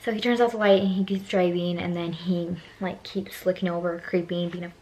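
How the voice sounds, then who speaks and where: A woman in her twenties telling a personal story on her vlog, animated, swearing freely and acting out both sides of the conversation. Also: on the low side, fairly quick. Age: 20s. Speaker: beauty vlogger.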